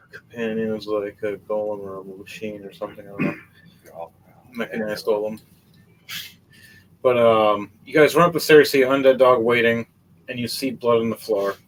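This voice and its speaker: Rambling low-voiced game master. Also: male voice, a little hiss or hum, poor audio. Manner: rambling, excitable, profane storytelling. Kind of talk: narrating a tabletop game.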